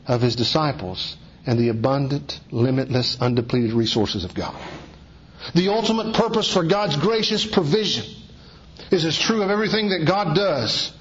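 A man preaching a sermon in an earnest, exhorting way, dropping low and rising to high emphatic peaks. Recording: dull lo-fi recording.

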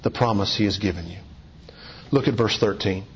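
A man preaching a sermon in an earnest, exhorting way, dropping low and rising to high emphatic peaks. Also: brisk, a little hiss or hum. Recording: dull lo-fi recording.

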